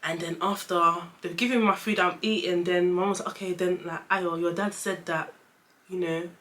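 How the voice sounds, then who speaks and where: Bright chatty young woman. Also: lowish voice, steady tone. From London, England. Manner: chatty, lots of fillers, acts out dialogue in quick voices. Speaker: vlogger. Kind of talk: casual storytelling chat.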